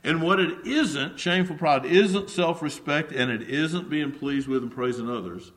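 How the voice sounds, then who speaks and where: Man, pastor, sermon, somewhat high-pitched, earnest, repetitive emphasis, occasional restarts. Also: normal speed, fairly bright tone. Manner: earnest preaching, dramatizing the prophet's words, pitch swings up for emphasis; repeats phrases, with stumbling restarts.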